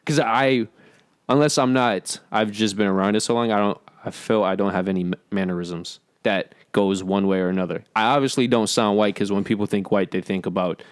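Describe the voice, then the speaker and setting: A man's voice: fairly low pitch, fairly even intonation, a little fast, clear, resonant tone, no room sound. Earnest young man, dry close sound. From New York. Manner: earnest, explains his views at length. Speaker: podcast co-host. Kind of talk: casual chat.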